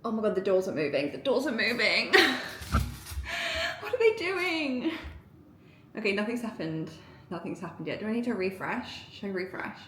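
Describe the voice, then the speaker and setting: A woman vlogging casually at home, excitable and giggly, rambling with lots of fillers. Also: mid-range voice, fast talker, background noise. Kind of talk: casual vlog chat to camera. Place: indoors at home, getting ready. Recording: echoey room.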